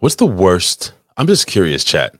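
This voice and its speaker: A very deep man with a husky edge chats loosely as a podcast co-host, teasing his partner with crude, profane jabs. His voice swings widely in pitch, and the sound is dry and close. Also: wildly swooping pitch, a little slow, fairly bright tone, dry recording. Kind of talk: casual chat.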